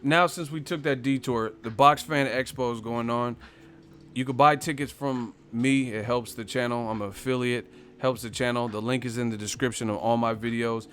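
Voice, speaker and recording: A man's voice: medium pitch, fairly even intonation, normal speed, a bit bright, soft background music. Profane, joking man on a live stream. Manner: loose, profane, joking, talks straight to viewers. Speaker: boxing channel host. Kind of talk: casual live stream chat.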